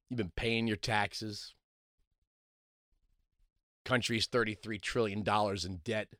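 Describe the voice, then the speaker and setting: A man hosting a talk radio show, delivering a sarcastic, mocking monologue that swings between loud outbursts and low mutters. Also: fairly even intonation, takes it slowly, long pauses, dry recording, studio quality.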